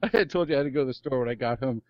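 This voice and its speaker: A man co-hosting a podcast, trading relaxed banter and laughing often over a remote call. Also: mid-range voice, very fast, dry recording, muffled recording. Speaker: podcast co-host. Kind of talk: casual chat.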